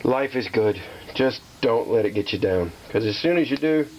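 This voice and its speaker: A man at a mid pitch chatting casually to viewers as he works on a machine. He keeps talking himself down with singsong repeated reassurances and pokes fun at his own mistakes. A faint background noise sits under the voice. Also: normal speed, poor audio. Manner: talks himself down, repeating calming phrases in a singsong way; self-deprecating, chatty with viewers. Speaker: hobbyist restoring a slot machine.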